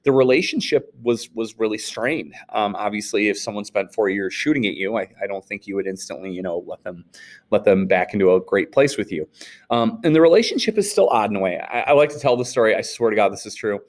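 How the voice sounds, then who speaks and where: Low-voiced Midwestern history teacher. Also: male voice, fairly quick. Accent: Upper Midwest American. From Wisconsin. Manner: rambling, informal, many restarts and fillers. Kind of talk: casual classroom lecture and storytelling.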